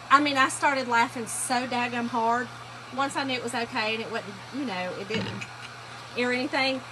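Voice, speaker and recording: Chatty high-voiced woman. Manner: chatty, laughing storyteller, addresses viewers as y'all. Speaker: furniture painting livestream host. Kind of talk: casual livestream chat to viewers. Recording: workshop noise, sanding and rubbing.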